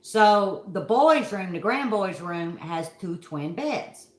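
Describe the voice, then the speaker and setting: A woman's voice: medium pitch, expressive, slow, reverberant. A middle-aged woman from Kentucky with a Southern accent, telling a story to her viewers in a folksy, dramatic way. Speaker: vlog host.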